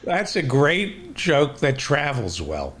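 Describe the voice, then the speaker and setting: A man's voice: a little high, wildly swooping pitch, slow, a bit bright, husky. A male host in casual chat, asking rambling questions with many restarts.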